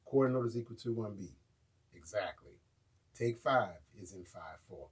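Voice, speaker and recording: A man's voice: fairly low pitch, expressive, normal speed, slight background noise. A man with an American accent teaching a casual live online drum lesson and often checking in with his viewers.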